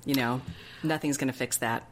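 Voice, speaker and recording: A woman's voice: rumbling low, fairly even intonation, brisk, slight background noise. A woman co-hosting a podcast, bluntly and animatedly chatting about a reality show and swearing freely. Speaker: podcast co-host. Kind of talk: casual chat recapping a reality show.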